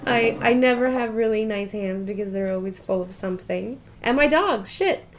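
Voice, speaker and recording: A woman's voice: medium pitch, moderate pace. A woman painter talking casually in a documentary interview, chatty and emotional, laughing often and swearing now and then. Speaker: painter and architect.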